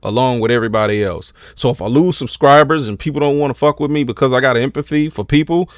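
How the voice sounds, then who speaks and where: A man's voice: medium pitch, fast, no room sound, studio quality. A man hosting a commentary video, speaking bluntly and emphatically, with frequent profanity. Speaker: commentary channel host. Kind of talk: casual commentary.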